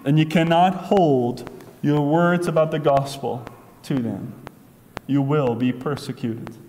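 A man's voice: fairly high pitch, slow pace, warm tone, slight background noise. A man preaching a sermon, emphatic and repetitive, piling up phrases for effect. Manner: emphatic, repetitive, acts out voices in asides. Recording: long reverb of a large hall.

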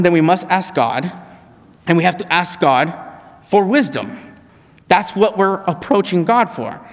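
Male preacher, somewhat high voice, emphatic sermon delivery in a church hall with long reverb. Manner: emphatic, with slowed, repeated key phrases.

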